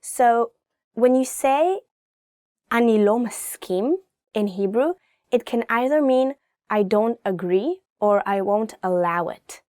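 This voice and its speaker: A woman's voice: a little high, a little slow, no echo, studio quality. Chatty woman teaching phrases. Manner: relaxed, chatty, repeats phrases twice. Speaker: language teacher. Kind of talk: casual language lesson.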